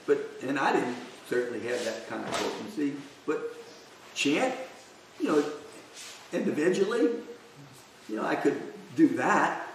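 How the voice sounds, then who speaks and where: Man teaching a scripture class, gravelly voice, roomy echo, off-mic, faint hiss. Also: fairly high pitch, expressive. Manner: conversational, peppered with "you know"; slow, deliberate reading aloud. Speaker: class speaker. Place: temple hall. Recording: echoey room, distant mic, faint noise.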